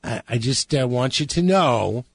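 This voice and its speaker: A man's voice: mid-range voice, lively intonation, a little slow, vocal fry, slightly rough, dry recording. A man hosting a radio music show, chatting casually and joking with his guest. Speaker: radio host.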